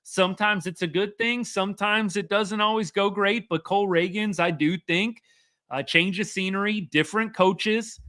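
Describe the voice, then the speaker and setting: A man, hosting a casual live sports chat as an excitable, rambling fan. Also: sits high, moderate pace. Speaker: sports podcast host.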